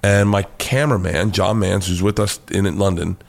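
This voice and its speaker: An American man, a comedian guest, telling a wild story with lots of swearing and high-pitched acted-out quotes. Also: moderate pace, vocal fry. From United States. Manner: excitable, swears freely, acts out quotes in a high voice. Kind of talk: animated storytelling.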